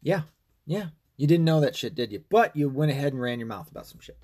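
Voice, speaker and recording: A man's voice: fairly high pitch, sing-song, quick pace, darkish tone. A man hosting a podcast, talking in a casual, rambling and profane rant. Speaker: podcast host. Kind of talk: casual monologue.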